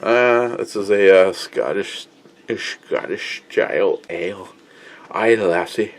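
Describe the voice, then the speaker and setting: A man with a fairly low voice hosts a casual beer review vlog. He rambles off the cuff, fills his talk with "uh," and reads viewer comments aloud. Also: takes it slowly. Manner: rambling, off-the-cuff, with many fillers.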